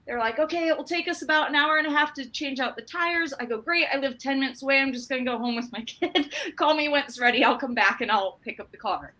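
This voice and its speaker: A woman from Utah, giving a business training talk and acting out an animated story with quoted dialogue. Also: high voice, quick pace, few pauses, low-quality recording.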